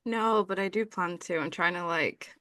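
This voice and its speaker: A woman's voice: on the low side, normal speed, dry recording, clean studio sound. A woman hosting a podcast, asking questions in a casual, conversational way. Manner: brief warm-up questions, lots of backchannel. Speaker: podcast host.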